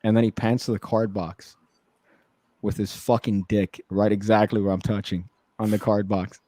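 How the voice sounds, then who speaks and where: A man in casual conversation, telling an animated, profane story with laughs and acted-out quotes. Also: on the low side, moderate pace, no echo.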